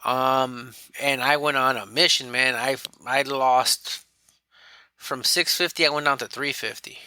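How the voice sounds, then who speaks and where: Bright-voiced man telling a candid story. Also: mid-range voice, unhurried, smooth, no echo. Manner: candid, animated, quotes himself and others. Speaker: podcast guest. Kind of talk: casual storytelling.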